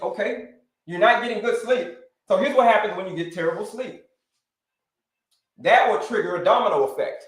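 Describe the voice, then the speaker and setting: High-voiced male health coach running a live stream, lively and repetitive, in a roomy, echoing space. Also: normal speed, pauses often. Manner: animated, repeats phrases, addresses viewers as folks.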